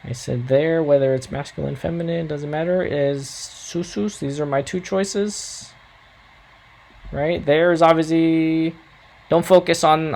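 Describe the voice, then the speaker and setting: A man's voice: fairly high pitch, gravelly. A man teaching a recorded Spanish grammar lesson, coaching students patiently and checking in often with "all right?".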